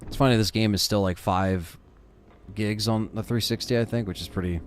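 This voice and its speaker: A man's voice: lowish voice, fairly even intonation, moderate pace, slight background noise. A man rambling casually to his chat while playing a game, tired and yawning. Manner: rambling, laid-back, talks to chat. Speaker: gaming streamer. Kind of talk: casual gameplay commentary to chat.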